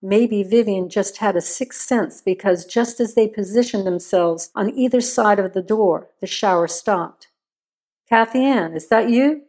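A woman's voice: mid-range voice, unhurried, hardly any pauses, darkish tone. Woman narrating a crime story.

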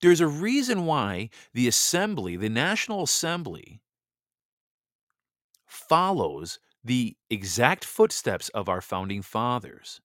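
A man at mid pitch ranting hard into a close, dry microphone. He talks bluntly, doubles back on his words and repeats himself as the heat rises. He sounds like a show host giving his own impassioned monologue. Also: sing-song, slow pace, a bit bright, no room sound. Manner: heated, blunt, stumbles and repeats words when worked up. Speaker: host of a Bible reading show.

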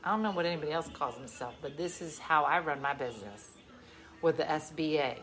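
Woman, forties, livestream host, casual storytelling, loud bursts and hushed asides, slightly low voice. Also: brisk. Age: 40s.

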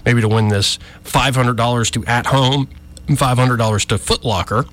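A man hosting a local talk radio show, ranting with a wry, animated manner, in a radio studio. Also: mid-range voice, moderate pace.

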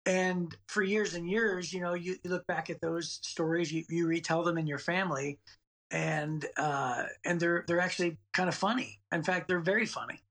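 On the high side and fairly bright, this man's voice stays steady at an ordinary pace. He's in his late forties, a podcast guest wandering through a story from his childhood and repeating himself along the way.

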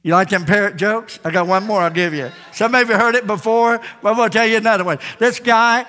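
Forceful, folksy preacher in a church hall. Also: male voice, high voice, fast. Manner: folksy, emphatic preaching with jokes. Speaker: pastor. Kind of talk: sermon. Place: church sanctuary.

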